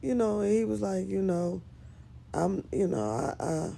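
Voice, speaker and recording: A woman's voice: mid-range voice, animated, a little slow, vocal fry, warm tone. A woman giving casual commentary on a skit series, emphatic and scolding as she talks straight to one of the characters.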